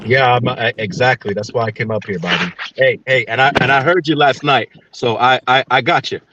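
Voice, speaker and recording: A man's voice: mid-range voice, a little fast, sharp tone. A man calling in to a live stream chat, teasing and stammering. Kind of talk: casual chat. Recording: lo-fi with some noise.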